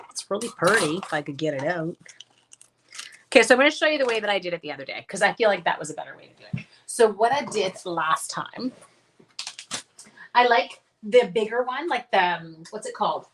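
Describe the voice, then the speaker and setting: A woman's voice: medium pitch, expressive, brisk, long pauses, a bit bright, slight background noise. A woman chatting casually through a live card-making demonstration, thinking aloud and greeting viewers as she works. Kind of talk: casual live crafting demo.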